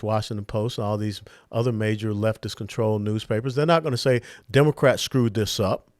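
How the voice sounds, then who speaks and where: A man's voice: mid-range voice, a little mellow, dry recording, clean studio sound. A man delivering a political monologue as host, emphatic and punchy, leaning hard on stressed words. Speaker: political commentator hosting a monologue.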